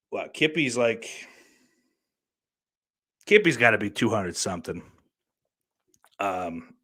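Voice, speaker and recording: A young man hosting a podcast, telling a story in a rambling, casual way, swearing often, with lots of fillers and sudden loud bursts. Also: lowish voice, husky, no room sound. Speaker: podcast host.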